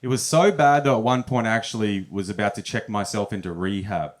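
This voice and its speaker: A man's voice: lowish voice, brisk. A young man telling stories in a stand-up set at a comedy club, often chuckling at his own punchlines.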